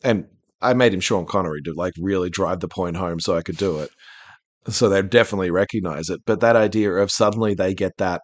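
A man hosting a podcast in casual chat, talking in an animated, rambling way with frequent restarts. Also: low voice, a little fast, dry recording. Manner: rambling, animated, self-interrupting. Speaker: podcast host.

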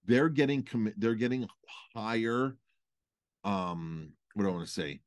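This unhurried, low-voiced man, a restaurant owner, co-hosts a casual podcast on running restaurants, and the audio has no echo. His storytelling is animated, with words repeated for emphasis.

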